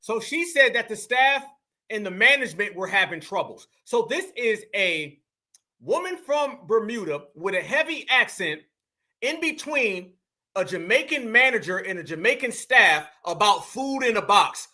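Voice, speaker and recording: American commentary host, very high bright voice, heated repeating rant. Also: male voice, moderate pace. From United States. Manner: animated, heated, repetitive and profane. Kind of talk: reaction commentary to a live chat.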